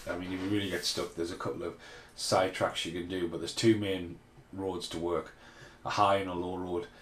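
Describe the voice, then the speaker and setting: A man's voice: deep voice, level tone, moderate pace, a bit bright, slight background noise. A man hosting a casual film commentary podcast, rambling and swearing freely as he rants. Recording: roomy echo.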